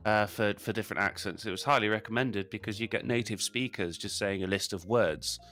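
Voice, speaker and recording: A man's voice: on the low side, a little fast, fairly bright tone, soft background music. A man co-hosting a casual podcast, teasing with dry wit and mimicking accents. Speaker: podcast co-host.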